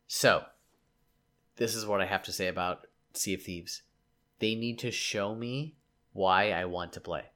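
A man's voice: fairly low pitch, unhurried, long pauses, a bit bright. A man in a casual gaming discussion, speaking emphatically with repeated demands.

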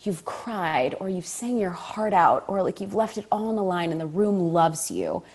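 Lively, low-voiced actress telling a story. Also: female voice, moderate pace, slightly rough. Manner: animated, acts out quoted dialogue, laughs often. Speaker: stage actor, guest. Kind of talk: conversational storytelling.

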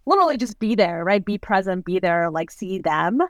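A woman's voice: medium pitch, animated, a little fast, dry recording. A woman co-hosting a casual book discussion who reads passages aloud and keeps checking in with "right?". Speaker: podcast co-host.

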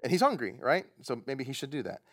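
A man's voice: mid-range voice, very animated, quick pace, fairly bright tone. A man leading a prayer and teaching a Bible study to people at tables, in a conversational manner with light humorous asides. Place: room with groups at tables.

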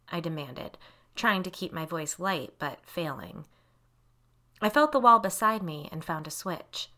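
A woman reading a first-person novel aloud as an audiobook narrator, in measured storytelling. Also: fairly low pitch, lively intonation, sharp tone.

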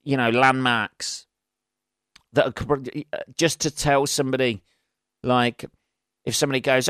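A man's voice: mid-range voice, fairly even intonation, a little slow, pauses often, fairly bright tone, clear, resonant tone, no echo, clean studio sound. A man hosting a solo podcast, rambling through sweary, self-deprecating stories. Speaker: podcast host.

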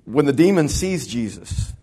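A man's voice: mid-range voice, big pitch swings, normal speed, warm tone, slightly rough. A middle-aged man from the Texas Panhandle, a pastor preaching a sermon in a folksy storytelling way, now and then acting out other people's voices.

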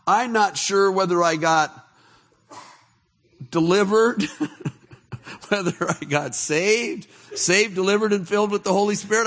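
Middle-aged man, high-pitched voice, testimony sermon, animated storytelling, soft and hushed in reflective moments. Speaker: preacher.

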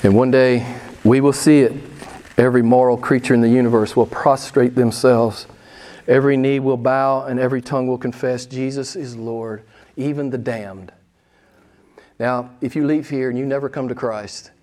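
A man preaching a sermon as pastor, emphatic and pressing questions on his listeners, with sudden excited rises. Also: medium pitch, moderate pace. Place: church.

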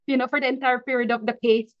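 A woman from the Philippines, a podcast guest telling her story in a casual interview, animated and quick to laugh, often restarting her sentences. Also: fairly high pitch, no room sound, dull audio.

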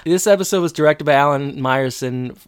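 A woman's voice: low voice, a little fast, smooth, no echo, studio quality. A woman co-hosting a podcast, chatting casually and teasingly, acting out characters' lines while recapping an episode. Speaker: podcast co-host.

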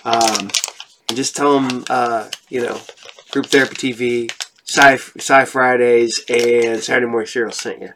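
A presenter giving a loose, excited promo while opening products, repeating phrases. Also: mid-range voice, unhurried, background noise. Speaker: sponsor segment presenter. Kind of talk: casual promo unboxing.

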